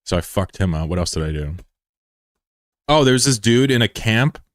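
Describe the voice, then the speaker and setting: A man's voice: on the low side, animated, moderate pace, no echo, clean studio sound. A young man streaming and chatting casually with viewers, joking and swearing loosely as he talks. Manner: loose, profane, joking banter. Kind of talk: casual live-stream chat.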